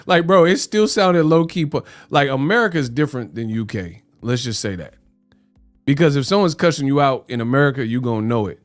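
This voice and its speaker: A man's voice: mid-range voice, expressive, normal speed, dry recording. Man on a casual boxing livestream, slangy and joking, dry close mic, faint music underneath. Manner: joking, slangy, puts on mock British voices. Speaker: host.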